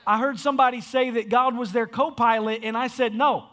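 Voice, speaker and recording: A man's voice: very high-pitched, fairly even intonation, fairly quick, pushed and bright. A man preaching a sermon in a church, emphatic and repetitive. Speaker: pastor. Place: church sanctuary.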